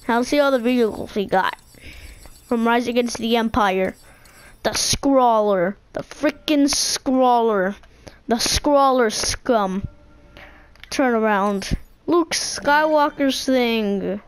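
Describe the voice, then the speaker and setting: A woman giving silly, boastful let's-play commentary over a video game, excitable and playful. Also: a little high, slow pace, clean tone, dry recording. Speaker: gaming video maker. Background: video game music.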